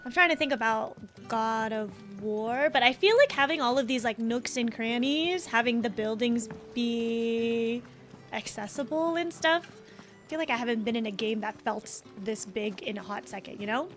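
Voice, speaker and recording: Giggly high-voiced woman streamer. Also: moderate pace, soft background music. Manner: excitable, giggly, casual. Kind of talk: live let's-play commentary.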